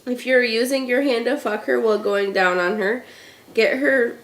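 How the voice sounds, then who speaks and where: A woman's voice: a little high, fairly even intonation, moderate pace, a crowd in the background. A woman co-hosting a casual chat show, talking frankly with laughing asides. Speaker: co-host. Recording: echoey room.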